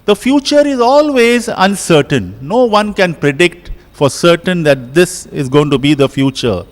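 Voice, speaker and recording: A man, a priest preaching a homily in a slow, deliberate way with emphatic pauses. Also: high voice, animated. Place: large church. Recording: long church reverb.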